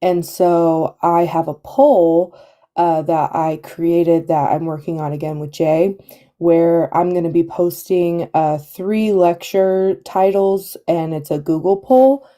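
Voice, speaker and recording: A woman's voice: lowish voice, steady tone, takes it slowly, dark tone. A woman who is a therapist, calling in to a live stream with a headache, talking in a hesitant way with many fillers and restarts. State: has a headache. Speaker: guest caller. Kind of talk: casual live-stream chat.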